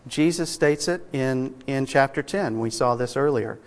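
A man's voice: mid-range voice, unhurried. A man preaching an expository sermon, reading scripture aloud and stressing single words with emphasis. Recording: long reverb of a large hall.

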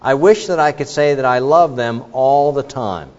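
A man's voice: medium pitch, moderate pace, a little mellow. A middle-aged man preaching a sermon as a pastor, earnest, telling stories with frequent fillers. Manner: earnest, with many fillers and illustrations. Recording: dull reverberant hall recording.

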